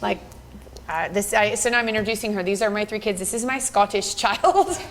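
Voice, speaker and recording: A woman's voice: mid-range voice, animated, brisk, background noise. A woman in her thirties presenting a live business workshop, bubbly and encouraging, laughing often. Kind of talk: upbeat live workshop talk.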